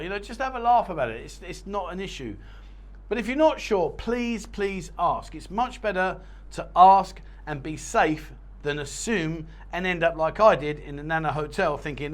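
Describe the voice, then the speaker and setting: Chatty bloke with a higher voice. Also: male voice, animated, fairly quick. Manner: chatty, cheeky, blokey banter with laughs. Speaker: vlogger giving advice. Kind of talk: casual advice to camera.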